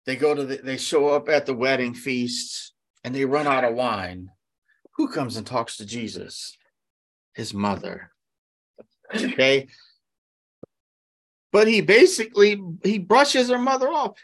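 Fairly high-voiced male preacher. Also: sing-song, a little slow, long pauses. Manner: conversational preaching, asks rhetorical questions, acts out quotes. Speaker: pastor. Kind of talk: sermon.

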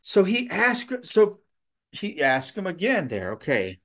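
A man's voice: high-pitched, huge pitch swings, takes it slowly. A man preaching a conversational sermon, often checking in with his listeners and restarting his sentences. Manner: conversational, repeats "okay?", many restarts.

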